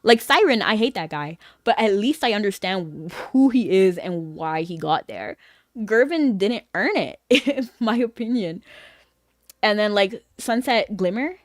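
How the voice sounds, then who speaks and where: Woman, game streamer, casual chat with viewers, rambling, quick to laugh, dry close sound. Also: mid-range voice, expressive, dry recording.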